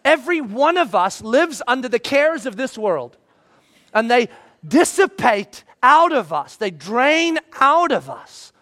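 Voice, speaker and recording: Male pastor, high voice, lively sermon delivery that jumps from loud bursts to hushed asides. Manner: animated, acts out everyday voices with big swings in loudness. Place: room with a live audience.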